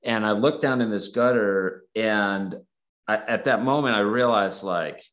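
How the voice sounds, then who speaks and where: A man's voice: fairly low pitch, measured pace, narrow, tinny audio. A man telling a personal story in a casual, earnest way, rambling and full of "like" fillers. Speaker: guest, photographer and nonprofit founder.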